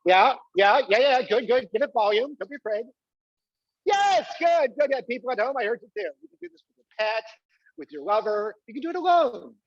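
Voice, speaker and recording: A man's voice: extremely high pitch, big pitch swings, a little fast, vocal fry, dry recording, dull audio. A man performing a live comic monologue, coaxing the audience to join in and squealing with delight. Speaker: solo performer. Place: small live venue.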